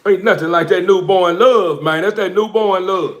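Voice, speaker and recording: A man talks to his livestream viewers in a loose, rambling way, heavy on slang and stray "uh"s. His voice sits a little higher than most men's, and he keeps the tone easygoing and unscripted as he goes. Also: normal speed, hardly any pauses, a little hiss or hum. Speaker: dog breeder. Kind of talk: casual livestream chat.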